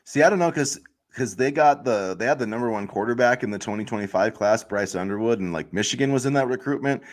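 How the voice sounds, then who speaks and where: A man's voice: medium pitch, fast. A man co-hosting a casual sports chat podcast, ranting heatedly with lots of filler words. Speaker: podcast co-host.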